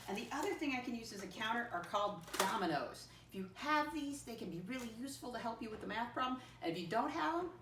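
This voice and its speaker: A woman's voice: mid-range voice, a little hiss or hum. Patient woman teaching young children. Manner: patient, encouraging, often says "my friends"; counts aloud slowly and clearly. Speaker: first-grade teacher. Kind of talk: recorded classroom lesson.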